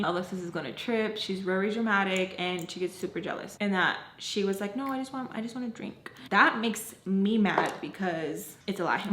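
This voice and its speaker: Chatty young woman in an echoey room. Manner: animated, acts out quotes with jumps in pitch, frequent "like". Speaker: storytime vlogger. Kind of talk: casual storytime retelling. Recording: roomy echo, faint background noise.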